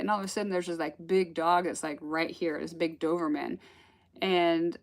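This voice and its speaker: With a fairly low, steady voice at a moderate pace, a woman who teaches spirituality gives a relaxed talk. She drifts from story to story in a chatty manner, often laughing.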